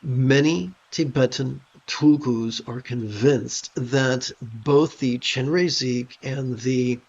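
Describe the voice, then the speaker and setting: Gravelly, calm male meditation teacher. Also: mid-range voice. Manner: calm, thoughtful, pauses to rephrase. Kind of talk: livestream dharma talk. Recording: dull lo-fi sound.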